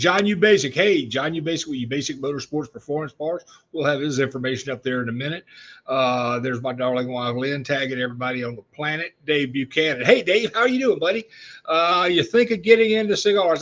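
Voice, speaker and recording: A middle-aged man hosts a casual live-stream chat show from his workshop, his mid-range voice a bit bright and the recording's highs cut off. He rambles with many "uh"s and restarts and keeps fighting off coughing spells.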